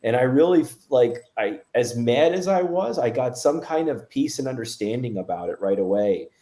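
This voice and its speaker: A man's voice: mid-range voice, animated, moderate pace, warm tone. A man, a medium guest, telling a story in a casual interview, rambling with many fillers and restarts.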